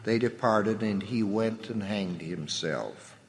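Man, solemn scripture reading, measured reverent pace, falling phrase endings, long reverb. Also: fairly low pitch, slight background noise. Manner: measured, reverent delivery with the voice dropping at phrase ends. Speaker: scripture reader.

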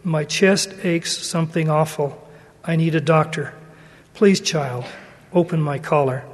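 A man reading a weak, calm old grandfather. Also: sits high, lightly acted. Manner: weak, slow, reassuring instructions. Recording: long hall reverb.

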